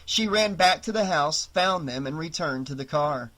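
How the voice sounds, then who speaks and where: Male horror audiobook narrator, bright tone, slightly high, measured dramatic delivery. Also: expressive. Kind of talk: scripted narration.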